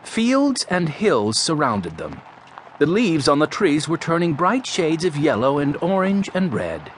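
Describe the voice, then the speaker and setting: A man narrating a children's mystery audiobook in a clear, storytelling voice. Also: on the high side, huge pitch swings, a little slow, a little hiss or hum.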